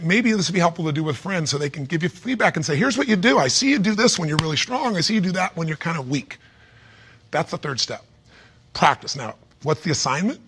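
A man's voice: a little high, a bit bright, breathy edge. A man giving an emphatic motivational talk, firing rhetorical questions at the listener. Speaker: motivational speaker.

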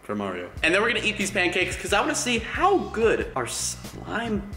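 A man hosting a casual home vlog, excitable and exclaiming often. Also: sits high, normal speed. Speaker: vlogger host. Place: indoors at home. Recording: echoey room, faint music.

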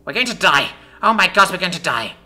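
A man voicing a panicky female alien captain with tentacles, squealing in a high voice. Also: huge pitch swings, a little fast, pushed and bright, exaggerated voice. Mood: panicked.

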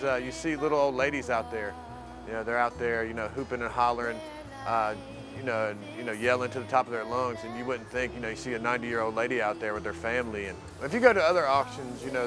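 Music runs underneath as a fast-talking man with a mid-range voice, a resident and volunteer from the mainland, chats in a casual interview about his work with the program. His talk is loose and rambling, heavily reliant on "you know."

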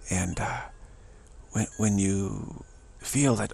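A man giving a spiritual teaching monologue in a halting, searching way, restarting often, his voice fading toward a whisper. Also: lowish voice, gravelly, slightly rough.

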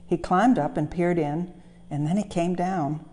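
A woman reading a children's story aloud as a museum storyteller, gentle and expressive. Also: lowish voice, measured pace. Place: railway museum.

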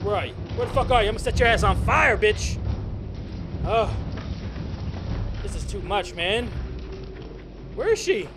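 A man commentating casually and profanely while playing a horror game, yelling when startled. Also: high-pitched, expressive, moderate pace, pauses often, noisy background. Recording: loud game music under voice.

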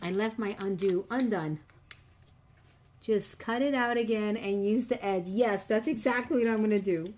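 A woman's voice: medium pitch, normal speed, a little mellow, a little hiss or hum. A middle-aged woman hosting a papercraft tutorial, chatting with viewers and teasing herself about nervous mistakes. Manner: chatty, self-teasing, nervous jokes to her audience. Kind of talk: casual crafting demo, talking to viewers.

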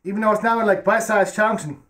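A man talks fast in a fairly bright, very high goofy voice as Kelvin, a dopey young movie fan who isn't very sharp. The comedy sketch has him rambling in broken grammar and stumbling into stammered restarts.

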